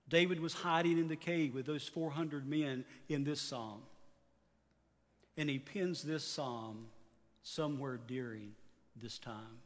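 Man in his fifties preaching, somewhat high voice, long church reverb, earnest rising and falling delivery. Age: 50s. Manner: earnest preaching, voice rising on exhortations and dropping low at phrase ends. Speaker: pastor. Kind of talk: sermon.

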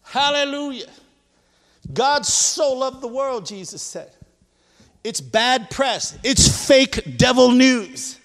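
Preacher guy, real high voice, shouting then going quiet, long echo like a big church. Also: animated, takes it slowly. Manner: impassioned preaching, swings from shouting to hushed. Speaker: pastor. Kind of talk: sermon. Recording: long hall reverb.

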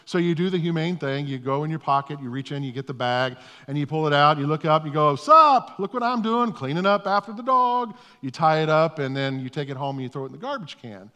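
A man's voice: a little high, fairly even intonation, quick pace, hardly any pauses, fairly bright tone. A middle-aged male pastor giving a conversational, self-deprecating sermon, often repeating his words as he starts a thought. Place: church sanctuary. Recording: long reverb of a church hall.

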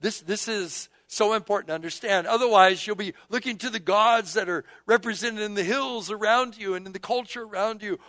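Male pastor, sermon, leads call-and-response prayers, soft then emphatic, slightly high voice. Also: no room sound, studio quality.

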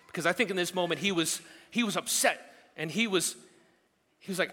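A male pastor preaching a sermon at a church service, telling the story casually with animated asides. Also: fairly high pitch, fairly quick. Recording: long hall reverb.

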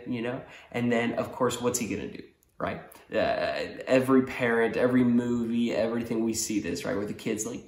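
A man preaching a sermon as pastor, telling a story with lively acted-out voices and frequent laughs. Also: fairly low pitch, a little fast, vocal fry, roomy sound. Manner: animated storyteller, acts out voices, laughs often.

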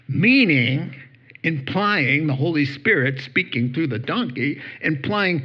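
A man's voice: a little high, measured pace, breathy edge, highs cut off. A man preaching a sermon, telling stories with acted-out voices and laughing at his own jokes. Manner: animated storytelling, acts out voices and laughs. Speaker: pastor.

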